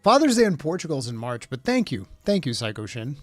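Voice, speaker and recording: A man's voice: on the high side, fast talker, no room sound, soft background music. A man hosting a casual live stream, rambling through gaming news and reading chat aloud. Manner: rambling, reads chat aloud, bursts of laughing excitement.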